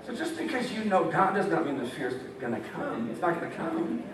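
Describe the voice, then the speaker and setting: A man's voice: sits high, sing-song, a little fast, crowd noise. A young American man preaching a campus sermon, playful and joking, laughing often and acting out voices. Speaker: campus ministry speaker. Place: meeting hall with audience. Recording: echoey hall, mic far off, audience.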